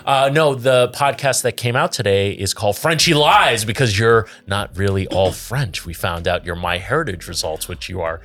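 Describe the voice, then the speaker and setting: A man's voice: lowish voice, normal speed, few pauses, fairly bright tone. A man hosting a podcast, tipsy, laughing often and chatting while he reads viewer comments aloud. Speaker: podcast host. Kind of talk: casual podcast chat.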